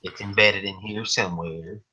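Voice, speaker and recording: Playful low-voiced male co-host. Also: fairly even intonation, normal speed, pushed and bright, slightly rough, poor audio. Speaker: podcast co-host. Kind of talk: casual chat.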